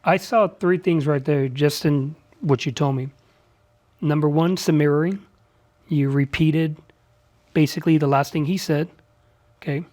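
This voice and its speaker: A man's voice: fairly high pitch, steady tone, unhurried, pauses often, darkish tone. A man hosting an interview show, asking framing questions and backing up his guest with frequent short affirmations. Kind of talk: conversational interview.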